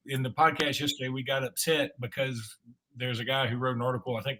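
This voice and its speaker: On a sports podcast, this male co-host talks in a chatty, rambling way, restarting often and using lots of fillers. His voice sits mid-range with a sharp tone.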